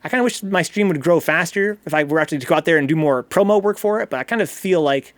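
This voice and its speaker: A man's voice: a little high, fast, no echo. A man hosting a casual live game stream, rambling and chatty, reading chat messages aloud and swearing casually. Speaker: streamer and host. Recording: game music playing under the voice.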